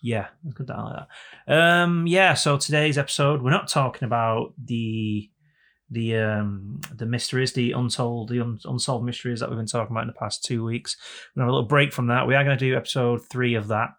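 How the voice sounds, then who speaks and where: A young male podcast co-host keeps up a jokey, rambling casual chat full of playful repetition. His medium-pitched voice is steady, brisk, and fairly bright.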